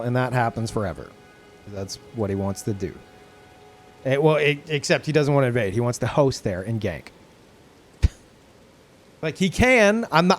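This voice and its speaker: A man's voice: a little high, moderate pace, soft background music. A young man streaming live gameplay, ranting in exasperation, laughing and swearing as he plays.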